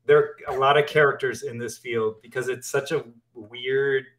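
A man's voice: mid-range voice, steady tone, normal speed, a bit bright. A man, an animator guest in an interview, talking casually and eagerly, often repeating and restarting his words as he gets carried away.

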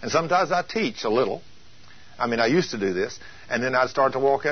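A man teaches a sermon with a husky, slightly rough voice. He drives his points home with emphatic rhetorical questions. The recording sounds dull and lo-fi. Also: medium pitch, animated, fairly quick. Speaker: preacher.

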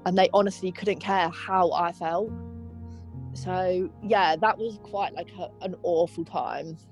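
A woman's voice: on the low side, steady tone, a little mellow, faint music behind. Young woman recounting hard memories. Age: young adult. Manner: halting, emotional recounting with many fillers. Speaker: interviewee. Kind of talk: personal testimony interview.

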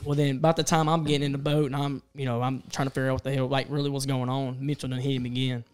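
Animated man telling a story. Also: mid-range voice, racing, clean tone. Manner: animated, swearing, acts out the voices of others. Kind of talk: casual storytelling among friends.

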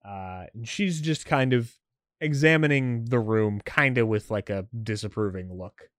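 A man's voice: mid-range voice, a little slow, a bit bright, no room sound, clean studio sound. A man narrating as game master in a casual tabletop session, with many fillers.

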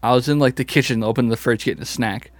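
A man's voice: mid-range voice, rapid-fire, dry recording. A young man co-hosting a podcast in casual, laugh-filled chat, swearing easily. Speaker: podcast co-host.

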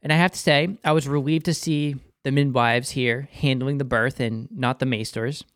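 In a studio-quality, dry recording, a Boston man reviews a TV episode casually and with enthusiasm, occasionally talking about himself in third person using his show name. His mid-range voice is a bit bright, fairly even, at normal speed.

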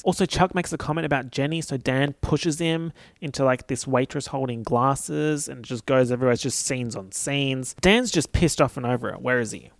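A man's voice: dry recording, clean studio sound. Sassy, sweary man recapping TV drama. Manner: animated, sassy, sweary, with sudden high squeals. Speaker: TV recap vlogger. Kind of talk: casual episode recap.

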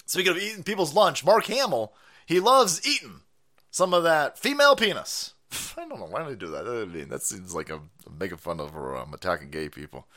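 Excitable ranting man, lively pitch. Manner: profane, mocking, excitable, laughs often. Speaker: live-stream host. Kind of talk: ranting live-stream commentary.

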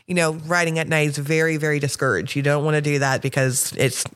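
A woman's voice: sits low, little pitch movement, fast, smooth. A woman guest on a podcast, telling stories casually, swearing freely and laughing often. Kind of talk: casual storytelling.

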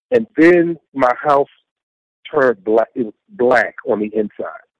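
A man's voice: mid-range voice, measured pace, no echo, dull audio. A middle-aged man recounting his faith testimony as an interview guest, telling it earnestly with lots of repetition and acting out what he said. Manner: earnest, repetitive storytelling with acted-out self-quotes.

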